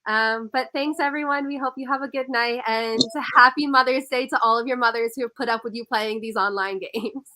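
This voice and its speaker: A woman hosting an online game finale, announcing votes with slow suspense. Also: on the high side, fairly even intonation, sharp tone, rough recording. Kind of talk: slow, drawn-out vote reveal.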